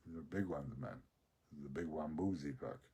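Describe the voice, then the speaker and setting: A man's voice: extremely low pitch, a little fast, dark tone, husky. A man rambling through a profane personal rant into his phone, breaking into laughs often. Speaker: social media ranter.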